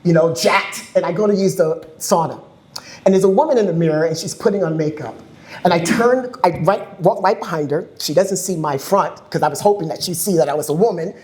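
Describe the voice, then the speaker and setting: A woman on a community panel, telling a story with lively acted-out quotes and frequent laughter. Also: on the low side, a little fast, roomy sound. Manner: animated, acts out quoted voices, laughs often. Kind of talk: impassioned panel talk with storytelling. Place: community event hall.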